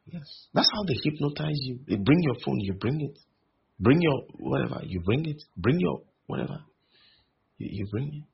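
A male preacher, repeating phrases for emphasis and slowing on key lines. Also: mid-range voice, very animated. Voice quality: gravelly and very husky. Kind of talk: sermon. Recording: dull lo-fi recording.

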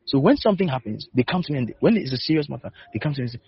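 Male pastor, mid-pitched and breathy-rough, preaching in insistent repeated commands; muffled lo-fi sound. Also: very animated, racing. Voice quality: husky. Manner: repetitive, emphatic exhortation with rhetorical questions. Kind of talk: sermon. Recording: dull lo-fi recording.

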